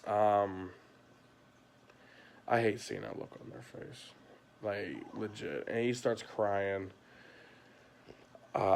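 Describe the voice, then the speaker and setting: A man talks into his phone late at night at home, venting in a long, rambling livestream. His voice sits a little low with a gravelly rasp. He circles back on himself with constant "you know" and "like", frustrated and weary. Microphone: phone camera.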